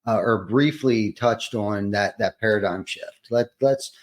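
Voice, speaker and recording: A man's voice: fairly low pitch, unhurried. A man hosting a podcast, asking long, rambling questions with many restarts. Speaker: podcast host. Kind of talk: casual interview questions.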